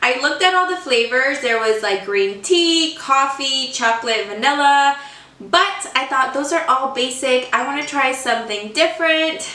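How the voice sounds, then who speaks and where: A young woman chatting casually through a snack-tasting vlog at home, excitable and gushing. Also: sits high, normal speed. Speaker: vlogger. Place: room at home. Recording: roomy sound, a bit far from mic.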